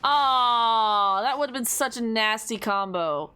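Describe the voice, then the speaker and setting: A woman streamer giving casual, playful commentary while gaming. She swears, taunts the enemy and rambles quickly to herself. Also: on the high side, bright, forceful tone, clear, resonant tone. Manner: rambling fast self-talk.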